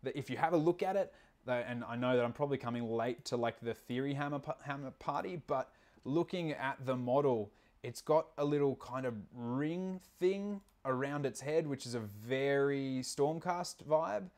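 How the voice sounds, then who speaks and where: A man's voice: medium pitch, normal speed, a little mellow. A man hosting a casual livestream, laid-back and profane, rambling with plenty of fillers. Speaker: stream host.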